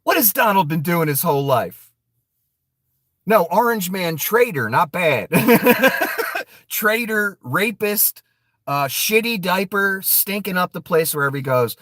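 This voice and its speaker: A man rants casually and profanely, laughing as he goes and talking straight to his viewers. His pitch sits a little high and swings widely. He speaks slowly, and the recording is dry and close. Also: animated, a bit bright, no room sound. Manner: profane, laughs often, mocking asides to chat. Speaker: political commentary streamer. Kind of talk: casual ranting commentary.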